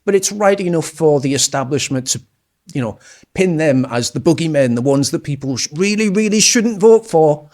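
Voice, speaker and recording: Sarcastic man, somewhat high voice. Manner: sarcastic, mocking, with scornful laughs. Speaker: political commentator. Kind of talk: ranting commentary over clips.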